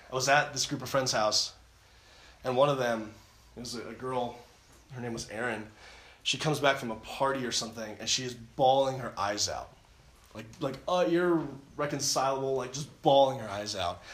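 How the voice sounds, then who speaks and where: A man's voice: medium pitch, moderate pace, long pauses, fairly bright tone. A man giving an earnest personal testimony at a camp, retelling his story with many restarts and repeated phrases. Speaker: camp speaker. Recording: roomy echo.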